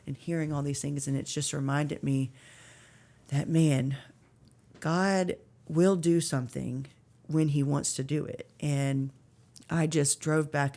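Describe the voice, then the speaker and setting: With a warm, rumbling low voice, a thirtysomething woman gives a personal faith testimony on a podcast. Her account of belief and hardship is heartfelt and emotional, and it's peppered with fillers.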